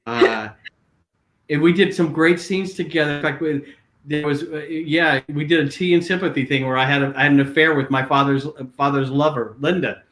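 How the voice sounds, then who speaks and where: An older man tells showbiz stories as a guest, animated and full of fillers and restarts. His voice is bright and forceful, and it rings with a roomy echo. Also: on the high side, normal speed. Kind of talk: casual storytelling.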